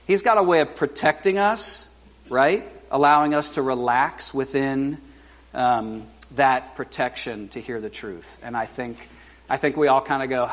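A man in his forties preaching as a guest speaker to a church congregation, in a conversational, halting way with lots of fillers and self-deprecating humor. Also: mid-range voice. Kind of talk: informal sermon. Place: church service before a congregation.

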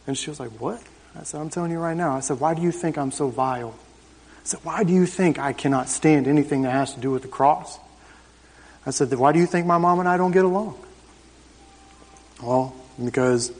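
A man's voice: on the high side, a little mellow. Man telling his testimony in a hall. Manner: frank, conversational storytelling with punchy repetitions. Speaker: guest giving a testimony. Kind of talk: personal testimony in church. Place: church sanctuary.

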